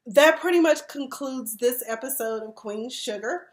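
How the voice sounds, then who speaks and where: A woman's voice: fairly high pitch, unhurried, few pauses. Emotional woman in her forties recapping TV. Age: 40s. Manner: chatty, expressive storytelling with slang. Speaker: TV review vlogger. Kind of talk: casual TV episode recap.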